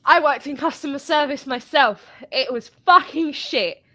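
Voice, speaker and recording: A woman's voice: high-pitched, moderate pace, pushed and bright. A woman telling a work story in casual chat, rambling and swearing as she goes.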